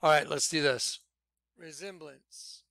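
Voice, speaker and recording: A man leading a ministry, preaching informally in an animated way, laughing and swinging between loud outbursts and quiet asides. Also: on the high side, slow pace, gravelly, dry recording, studio quality. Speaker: ministry leader.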